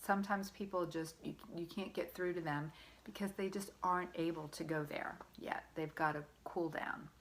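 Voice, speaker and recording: A woman's voice: on the low side, fairly even intonation, moderate pace. A woman parenting coach giving earnest, encouraging advice straight to the listener, often checking in with them. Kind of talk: direct-to-camera parenting advice.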